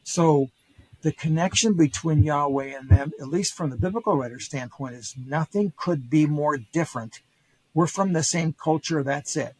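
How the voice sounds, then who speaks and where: A man's voice: on the high side, normal speed, darkish tone, rough recording. An older man, a historian guest on a podcast, retelling ancient stories casually with quoted voices and many fillers and restarts. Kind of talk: casual storytelling lecture.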